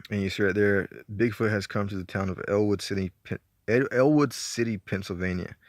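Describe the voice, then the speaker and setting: Low-voiced Southern man rambling about movies. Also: fairly even intonation, a little fast, no room sound, clean studio sound. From Georgia, US. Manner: rambling, laid-back, profane, laughs often. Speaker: movie collector reviewing his collection. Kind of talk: casual chat.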